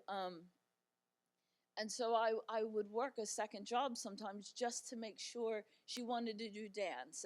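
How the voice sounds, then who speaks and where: A middle-aged woman giving a talk as a guest speaker, telling personal stories in a conversational, animated way with frequent fillers. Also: medium pitch. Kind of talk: personal storytelling talk to an audience. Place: church event.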